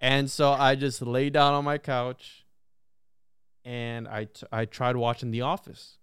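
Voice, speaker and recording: A man in a casual podcast conversation, telling a story in an animated, profane way, full of "bro" and "like". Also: medium pitch, unhurried, smooth, dry recording. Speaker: podcast guest or host.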